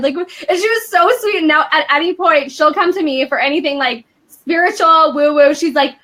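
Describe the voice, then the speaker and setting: High, bright chatty woman. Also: brisk. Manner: chatty, animated storytelling with frequent "like" and laughs. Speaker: guest. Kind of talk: casual podcast chat.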